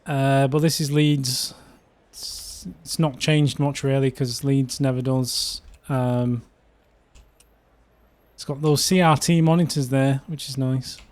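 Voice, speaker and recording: A man's voice: medium pitch, fairly even intonation, slow pace, darkish tone. A man from the UK hosting a casual livestream, chatting in a rambling way with frequent fillers. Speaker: livestream host.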